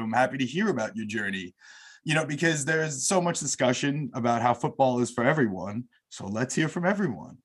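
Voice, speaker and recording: A man with a New York accent hosts a casual podcast interview in an effusive, welcoming way. His voice is husky, sitting at an ordinary middle pitch. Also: lively intonation, fairly quick. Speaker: podcast host.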